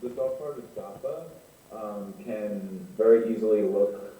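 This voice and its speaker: A man with a low, very dark voice asks a hesitant question, searching for his words. He sounds distant from the mic, in a very roomy space with faint background noise. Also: unhurried. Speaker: student asking a question.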